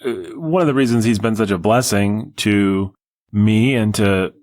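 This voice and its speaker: A man's voice: on the low side, a little slow, a little mellow. A man hosting a podcast alone, talking casually in a wry, digressive way with sarcastic asides. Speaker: podcast host. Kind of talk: casual solo podcast monologue.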